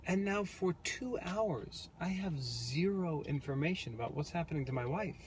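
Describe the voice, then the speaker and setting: This vlog co-host and new dad recounts his baby's birth from a parked car, restarting often as he speaks earnestly and reflectively. He has a fairly high pitch with lively intonation at normal speed, a slightly mellow sound, and a little hiss or hum.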